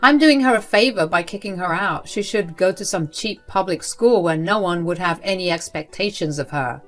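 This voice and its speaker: A woman's voice: lowish voice, moderate pace, a bit bright, faint music behind, close to an everyday voice. A woman reading as a spiteful grandmother principal. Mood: contemptuous. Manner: cruel, dismissive. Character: cold, spiteful older woman school principal.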